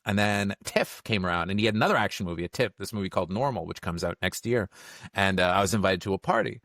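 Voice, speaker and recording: Man, middle-aged, quick talker, acts out quotes, casual podcast chat. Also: sits low, a bit bright, no room sound, studio quality. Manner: fast storyteller, acts out quotes. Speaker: podcast guest, film critic.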